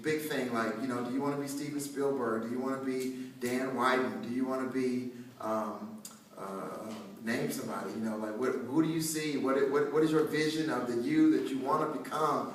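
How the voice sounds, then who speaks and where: A man's voice: medium pitch, a bit bright. A man from North Carolina giving an inspirational speech to students, joking and conversational, with frequent restarts. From North Carolina, USA. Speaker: motivational speaker addressing students. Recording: very echoey hall, heard from a distance.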